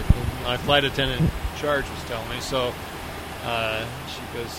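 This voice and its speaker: A man, an airline pilot, telling a work story in a halting, casual way with many pauses. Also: mid-range voice, lively intonation, background noise. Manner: halting, many fillers and restarts.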